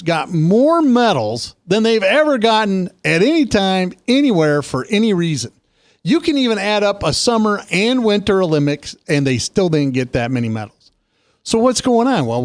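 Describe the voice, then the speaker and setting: A man co-hosting a casual political talk show, telling stories with lively emphasis. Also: no room sound. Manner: animated storytelling, quick pitch jumps. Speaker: co-host.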